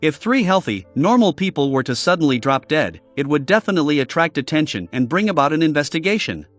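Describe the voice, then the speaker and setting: A man's voice: fairly high pitch, very animated, fast, faint music behind. A male narrator voicing a confident, teasing young male investigator in an audiobook, with an easygoing, playful manner.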